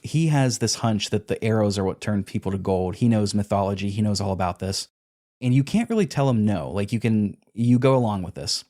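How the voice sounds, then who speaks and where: A man's voice: lowish voice, darkish tone. A man on a podcast, casually retelling video game quests and acting out character lines as he goes. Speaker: podcast co-host.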